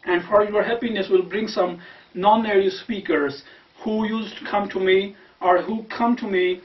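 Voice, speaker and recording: A man with a Kashmiri accent teaching pronunciation, repeating words slowly with many fillers. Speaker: language teacher. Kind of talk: explaining pronunciation, word lists. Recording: roomy, distant, dull low-quality mic.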